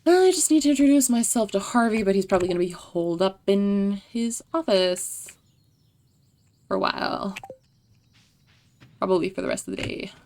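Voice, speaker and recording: A woman's voice: mid-range voice, expressive, moderate pace, pauses often, a little mellow, slight background noise. A young woman livestreaming a farming video game, chatting casually with viewers, laughing and swearing offhandedly. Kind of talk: casual gameplay chat.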